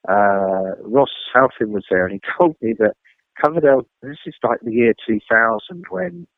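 A man, a rock journalist, telling animated anecdotes as an interview guest and acting out the people in his stories, heard over a phone line. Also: mid-range voice, moderate pace, gravelly, no room sound. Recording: dry, tinny phone line.

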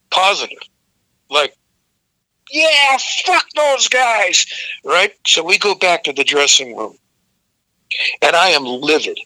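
Older man, bright and very cutting, swears freely while spinning an interview anecdote. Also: a little high, no room sound, poor audio. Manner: profane, vivid storyteller who acts out the people in his story. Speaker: guest vocalist. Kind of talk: storytelling in a casual interview.

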